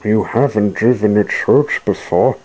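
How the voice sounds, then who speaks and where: A man's voice: on the low side, unhurried, a little mellow, rough recording. A man voicing a welcoming male ferry boat in a children's story. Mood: friendly.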